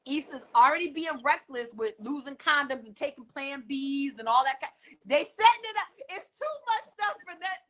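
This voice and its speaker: A bright, crisp young woman chats through a TV recap with plenty of emphasis. She pitches a touch high and keeps things lively, slipping into quick impressions as she goes. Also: low-quality recording. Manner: animated, emphatic, often acts out quotes. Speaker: co-host. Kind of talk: casual recap chat.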